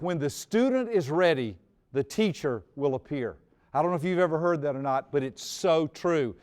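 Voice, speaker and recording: High-voiced older man telling a story. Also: darkish tone, smooth. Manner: folksy storyteller, humorous asides, repeats words. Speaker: speaker on personality types. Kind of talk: storytelling stage talk. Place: stage before a live audience.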